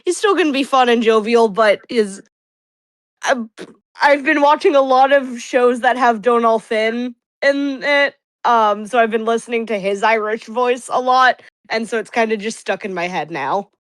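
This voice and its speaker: A woman playing in a tabletop game, chatting casually at the table with quick asides. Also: fairly high pitch, no echo. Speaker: player.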